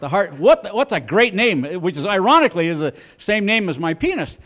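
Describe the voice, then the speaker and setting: High-voiced older man doing stand-up. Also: big pitch swings, a little fast, fairly bright tone, a little hiss or hum. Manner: rambling, folksy, self-mocking. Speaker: stand-up comedian. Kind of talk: stand-up comedy set. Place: comedy club stage.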